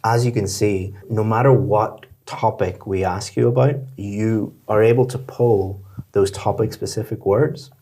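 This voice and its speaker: A man giving an IELTS candidate feedback on their score, explaining clearly and methodically with everyday examples. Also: lowish voice, fairly even intonation, a little slow, warm tone.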